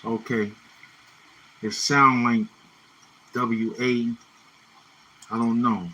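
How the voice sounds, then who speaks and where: A man's voice: mid-range voice, little pitch movement, drawn-out words, bright, forceful tone, rough recording. A man from Brooklyn, hosting a casual livestream and chatting loosely between freestyle rhymes, tagging his lines with "you know what I'm saying.". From Brooklyn, New York City. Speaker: livestream host.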